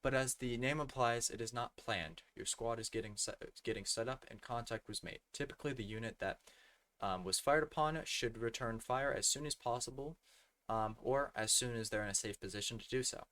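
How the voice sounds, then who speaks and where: A man's voice: mid-range voice, fairly quick, a bit bright. A young man reading slides aloud for a gaming tutorial, often tripping over words and correcting himself, his voice a bit worn. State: losing his voice. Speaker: gaming community tutorial presenter.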